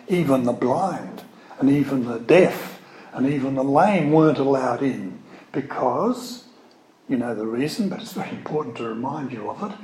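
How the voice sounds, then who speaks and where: A man's voice: mid-range voice, a little mellow. A man preaching a sermon in a conversational way, with wry asides and emphatic readings of scripture. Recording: echoey room, faint ambient noise.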